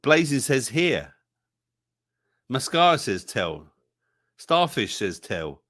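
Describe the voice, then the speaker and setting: Man, livestream host, unhurried delivery, jokey quiz banter, reads chat answers aloud. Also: medium pitch, big pitch swings, fairly bright tone, dry recording, clean studio sound. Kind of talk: hosting a casual song-lyrics quiz.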